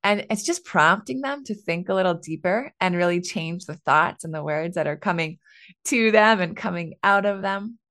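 A woman's voice: on the low side, animated, moderate pace, a bit bright. A woman in her thirties hosting a casual solo podcast, chatty and candid, laughing often and sprinkling in "like" and "right.". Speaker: podcast host.

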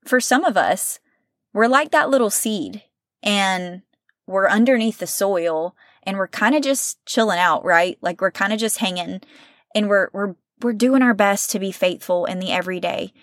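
A woman hosting a faith-based podcast, talking in an earnest, conversational way, often checking in with "right?" and sometimes slowing and softening as she gets emotional. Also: medium pitch, no room sound, clean studio sound. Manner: earnest, conversational, with frequent "right?" and "you know". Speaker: podcast host.

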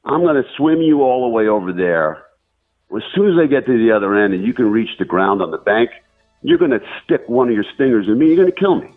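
A man voicing a wary male frog in a told fable, raising his voice into anxious, high protests. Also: sing-song, fairly quick. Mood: alarmed. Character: wary male frog, pleading then betrayed. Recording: tinny phone-like line, faint music.

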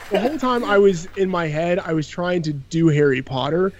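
Male podcast guest, casual and self-deprecating, rambles with fillers, slightly higher voice. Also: normal speed, hardly any pauses, over loud music.

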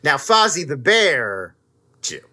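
A man co-hosting a podcast in casual chat, animated and quick to slip into silly character voices. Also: on the high side, over loud music. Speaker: podcast co-host.

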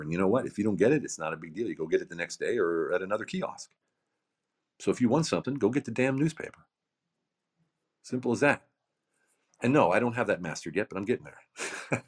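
Husky, lively motivational man. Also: low-pitched. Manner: emphatic, repetitive, rhetorical questions. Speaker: founder of a coaching program, podcast guest. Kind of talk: motivational podcast talk.

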